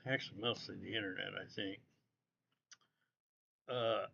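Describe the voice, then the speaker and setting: A man's voice: on the low side, huge pitch swings, takes it slowly, vocal fry, pauses often, sharp tone, a little hiss or hum. A man hosting a casual livestream, rambling and cursing freely as he talks straight to his viewers from home. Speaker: livestream host. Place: indoors at home. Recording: dull lo-fi audio.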